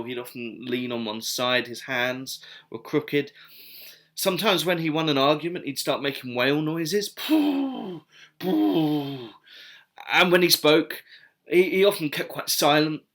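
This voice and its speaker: A man's voice: mid-range voice, a bit bright. A man giving casual, digressive history commentary with wry asides. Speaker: video essayist.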